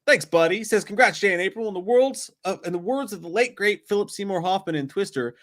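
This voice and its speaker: A jokey man co-hosting a livestream, reading out viewer messages and laughing easily. His voice sits a little high and moves a lot in pitch. He talks in a loose, playful way. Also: expressive, quick pace, a bit bright. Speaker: co-host. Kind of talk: casual livestream chat.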